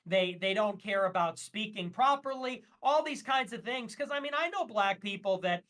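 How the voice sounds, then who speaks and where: A man's voice: high-pitched, animated, normal speed, fairly bright tone. A man talking as a guest on a casual livestream, ranting emphatically and with strong opinions, with frequent fillers.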